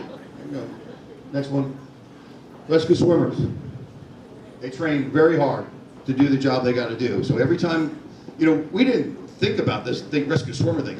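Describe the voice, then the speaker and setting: A man's voice: medium pitch, moderate pace, pauses often. An older man, a former Secret Service agent, telling chatty stories to a meeting and laughing through them. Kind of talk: anecdotal talk to a meeting. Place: meeting room. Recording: echoey room, distant mic, noisy.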